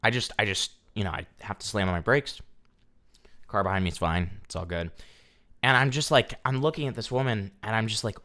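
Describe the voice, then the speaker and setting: Low-voiced man ranting to his stream. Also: fairly quick, pushed and bright. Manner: profane, ranting storytelling to chat. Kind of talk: casual livestream chat.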